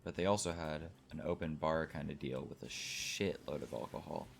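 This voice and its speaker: A man's voice: extremely low pitch, normal speed, creaky, faint music behind. A young man in his late teens from Texas, telling a rambling, casual party story over gameplay. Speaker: gaming channel host.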